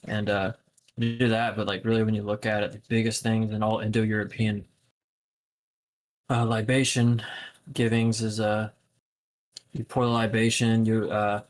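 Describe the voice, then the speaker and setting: Low, flat-voiced rambling young man. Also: moderate pace, pauses often. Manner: rambling, full of fillers and profanity. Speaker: podcast co-host. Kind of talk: casual chat.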